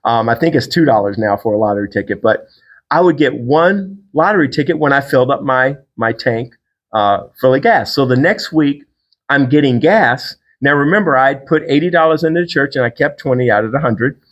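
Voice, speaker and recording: Middle-aged guy on a podcast, chatty storyteller, voice jumps way up when he gets into it. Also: fairly quick. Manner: animated storyteller, acts out quotes with big pitch jumps. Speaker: podcast host. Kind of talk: storytelling, casual faith talk.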